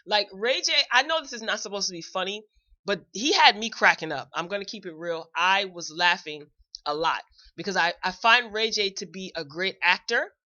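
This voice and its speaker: A woman's voice: mid-range voice, sharp tone, dull audio. A woman hosting a show, giving a chatty, opinionated recap in a casual, blunt way. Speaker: show host reviewing a celebrity video.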